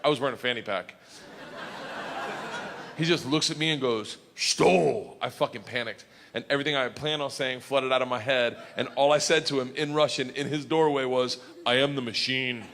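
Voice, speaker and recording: A man telling a stand-up story on stage, bursting into shouted punchlines, recorded live in a comedy club. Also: medium pitch, steady tone, brisk, background noise. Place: comedy club stage before a laughing audience. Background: audience laughter.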